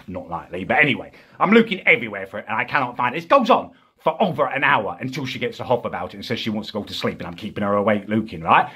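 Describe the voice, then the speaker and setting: A man's voice: fairly low pitch, sing-song, rapid-fire, few pauses, bright, forceful tone, breathy edge, full character voice. A man playing a whiny British ranting vlogger. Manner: whiny, aggrieved ranting, keeps tagging "right?". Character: petty, self-pitying young male vlogger with a grudge. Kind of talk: ranting comedy character vlog.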